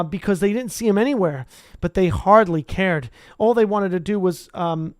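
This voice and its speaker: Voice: medium pitch, darkish tone, clean tone, no room sound. Chatty casual reader, dry close sound. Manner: chatty, rambling, self-correcting. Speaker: audiobook reader. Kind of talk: casual read-aloud with asides.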